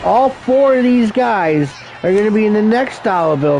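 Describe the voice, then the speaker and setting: A man's voice: sits high, lively intonation, moderate pace, a little mellow, a little hiss or hum, poor audio. A man calling an amateur wrestling show as commentator, crude and joking, rambling and calling people brother. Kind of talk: profane play-by-play commentary.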